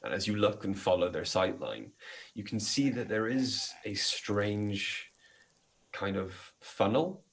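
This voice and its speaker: A man narrating as game master of a tabletop game, his voice sitting very low. He describes the scene step by step, with frequent ums between phrases. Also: expressive, takes it slowly, slight background noise, rough recording.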